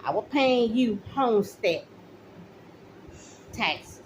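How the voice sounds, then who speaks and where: A woman's voice: fairly high pitch, lively intonation, slow pace, slight background noise, poor audio. A middle-aged woman, a mother, ranting straight to the camera, accusing officials directly and repeating her points. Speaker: mother speaking out. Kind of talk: angry direct-to-camera rant.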